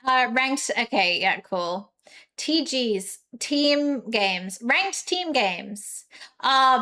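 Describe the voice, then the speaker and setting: A woman's voice: on the high side, a bit bright. A young woman, chatting casually with her live-stream chat, giggly and full of fillers.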